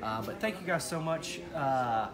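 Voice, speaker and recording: A man hosting a live show in casual chat, excitedly promoting a giveaway. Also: on the high side, a little slow, crowd noise. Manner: excited, animated promo talk. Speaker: show host.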